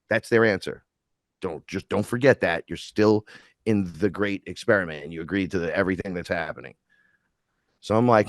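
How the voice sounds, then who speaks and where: A man with a fairly low voice rambles through a panel talk, his delivery animated as he acts out little back-and-forth exchanges. The sound is dry and close, like a video-call microphone with no room around it. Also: fairly quick, no echo. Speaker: spiritual panel guest. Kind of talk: casual panel discussion.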